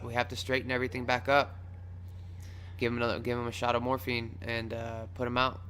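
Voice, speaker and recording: A young man recounting a chaotic night in a loose, profane ramble, now and then breaking into the shouts he gave at the time. His pitch sits mid-range, and faint music plays underneath. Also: completely flat delivery, brisk. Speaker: vlogger telling a personal story. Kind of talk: casual storytelling vlog.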